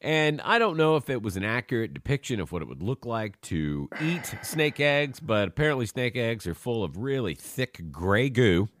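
A man co-hosting a movie podcast, chatting casually with animated, profane ranting asides. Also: medium pitch, moderate pace, few pauses, no room sound, clean studio sound. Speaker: podcast co-host.

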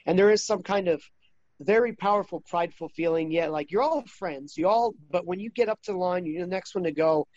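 A man in his thirties talking casually as an interview guest, rambling with many restarts and getting animated when he quotes others. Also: high voice, brisk, no room sound, lo-fi sound.

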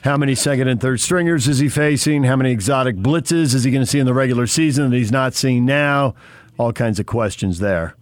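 A man's voice: medium pitch, brisk, dry recording. A man co-hosting a sports radio show, chatting casually and laughing often with jokey asides.

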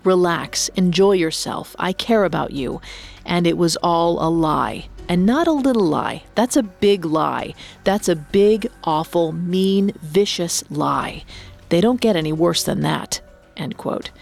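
A woman giving scripted true-crime narration in a measured way, reading quotes aloud in a flat tone. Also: on the low side, creaky, soft background music. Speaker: podcast narrator.

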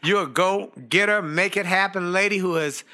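A man's voice: high-pitched, moderate pace, bright, forceful tone. A man hosting an interview, asking questions and echoing the guest's points emphatically. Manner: encouraging, emphatic. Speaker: host.

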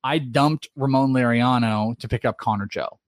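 A podcast co-host in his thirties chats loosely about fantasy baseball, rattling off lists of player names and percentages. His voice sits at an ordinary middle pitch and a moderate pace, and the sound is dry and close with no room around it.

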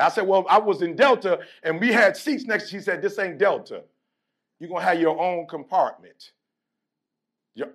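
A man with a high voice gives a preacher-like pep talk to a college sports team. He tells stories playfully and acts out the other people's lines. Then he builds to emphatic, shouted call-and-response. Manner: storytelling and playful, acting out conversations. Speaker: motivational speaker addressing a college sports team.

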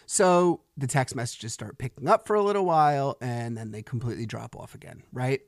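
A man in his thirties speaks on his own podcast in a middle-pitched voice, recorded close and dry. He tells the story loosely and conversationally, and a frustrated edge runs through it. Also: brisk, no echo. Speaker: podcast host. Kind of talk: solo podcast monologue.

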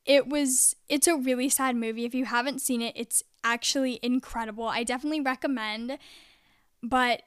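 Chatty young woman with a crisp voice. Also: a little high, steady tone, moderate pace, no echo, studio quality. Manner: chatty, heavy use of "like". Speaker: vlogger. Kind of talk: casual personal storytelling.

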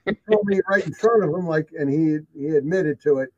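A guest recounting sightings tells his stories in casual conversation, emphatic and repetitive, leaning on key phrases. His voice is a little high for a man, a little fast and a little mellow, with a breathy edge. The recording is dull and lo-fi.

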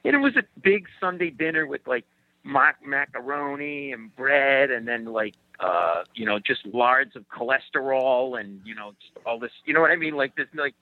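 A man, a comedian guest, telling comic stories in an animated way and acting out the people in them. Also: mid-range voice, moderate pace, dry recording, phone-quality sound. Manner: animated storyteller, acts out quotes, laughs often. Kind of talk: comic storytelling.

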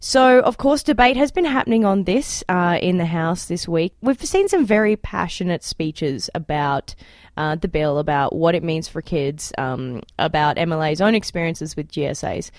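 A woman hosting a political podcast, recounting events briskly with fillers and steering the talk. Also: lowish voice, animated, dry recording, studio quality. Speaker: podcast host. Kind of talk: casual panel chat.

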